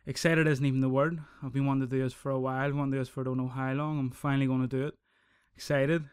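Lad, solo podcast host, rambling and foul-mouthed, smooth clear voice, dry close sound. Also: male voice, medium pitch, rapid-fire, dry recording. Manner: sweary, rambling, animated. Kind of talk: casual solo podcast rant.

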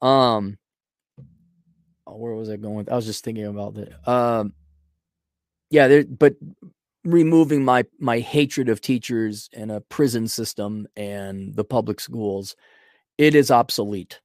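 A man's voice: lowish voice, a little slow, long pauses, darkish tone, no echo. Podcast host, male, middle-aged, American, rambling and sarcastic, dry close sound. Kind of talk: casual ranting monologue.

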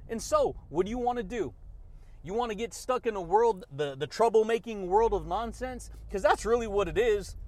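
A man hosting a motivational podcast, hyped and slangy, laughing often and calling listeners baby and dude. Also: high voice. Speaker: podcast host.

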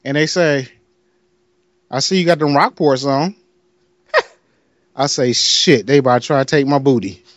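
Speaking at a medium pitch with long pauses, a Detroit man unhurriedly tells a lengthy story on a podcast, voicing the other people and laughing along the way. The audio has no echo, but its high frequencies are cut off.

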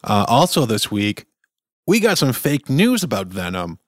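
A man's voice: medium pitch, huge pitch swings, unhurried, dry recording, clean studio sound. A man hosting a podcast, giving a casual, chatty and enthusiastic film review full of opinions. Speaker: podcast host.

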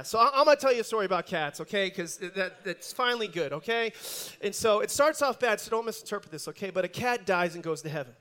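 High-voiced male pastor, lively joking sermon delivery, frequent restarts. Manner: animated storyteller with frequent repeated restarts. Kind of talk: sermon with a humorous story.

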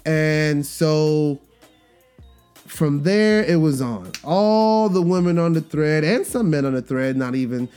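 A man's voice: fairly high pitch, animated, slow, darkish tone, smooth, soft background music. A man hosting a podcast, talking in a rambling, conversational way and acting out the voices he quotes. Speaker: podcast host. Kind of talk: casual podcast monologue.

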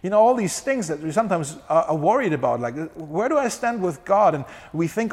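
Guy preaching a sermon, earnest, slows way down on big words, slightly high voice, big echoey church hall. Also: lively intonation, a little mellow. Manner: earnest, varies pace for emphasis, laughs often. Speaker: pastor.

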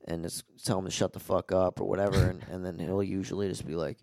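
A young man tells blunt, profane anecdotes in a casual podcast chat. His voice is low and gravelly. It is recorded dry and close. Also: flat delivery, quick pace, a little mellow, no room sound.

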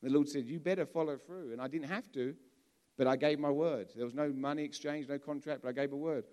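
English man preaching in a relaxed, chatty sermon. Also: a little high, fast. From England. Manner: conversational, with frequent restarts and repeated words.

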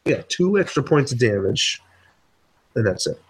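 A man playing a tabletop game, animated and playful as he talks through his rolls. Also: medium pitch, normal speed, husky. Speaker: player.

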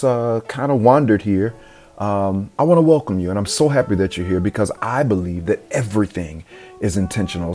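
A man's voice: lowish voice, warm tone. A man hosting a motivational podcast, earnest and emphatic, often repeating phrases for effect. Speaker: podcast host.

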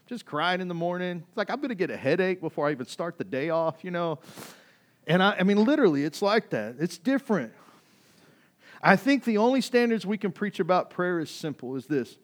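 A middle-aged male pastor preaching a conversational, animated sermon that builds in intensity. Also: medium pitch, fairly quick.

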